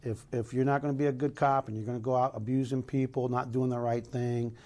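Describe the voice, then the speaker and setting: A man's voice: mid-range voice, little pitch movement, a little fast, darkish tone. A middle-aged man from Los Angeles, a police chief answering news interview questions in an earnest, emphatic way with many restarts.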